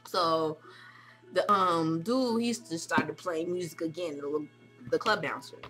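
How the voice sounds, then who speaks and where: A young woman excitedly telling a vlog story, acting out quotes with squeals and shouts. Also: low voice, slow pace, over music. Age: young adult. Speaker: vlogger recounting a club night.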